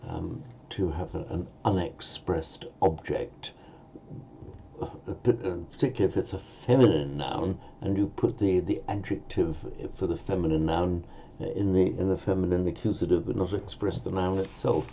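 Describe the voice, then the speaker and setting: A very low-pitched man with a gravelly voice, teaching a language step by step and correcting himself as he thinks aloud. His tone is dark and mellow. The recording sounds a bit dull and lo-fi, with a faint hiss underneath. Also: moderate pace. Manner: thinking aloud, self-correcting, with many fillers. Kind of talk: language lesson.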